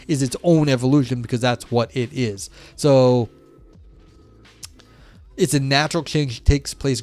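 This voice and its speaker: A man on a live stream reads a philosophy text aloud and comments on it in a rambling, filler-heavy way, constantly saying "you know" and "like." His voice is mid-range and a little mellow.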